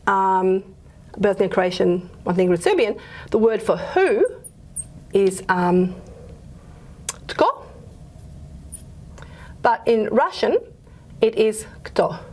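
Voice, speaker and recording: A woman's voice: medium pitch, animated, unhurried, pauses often, darkish tone. A woman lecturer, giving a linguistics lecture in a chatty way, often stopping to correct herself. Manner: chatty, self-correcting, many fillers. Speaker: university lecturer.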